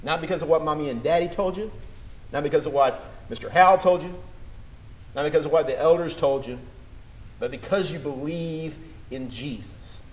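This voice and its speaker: A man delivers a sermon in a fairly high voice. He speaks earnestly, slowing down for scripture and rising into emphatic appeals to the congregation. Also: poor audio. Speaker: preacher.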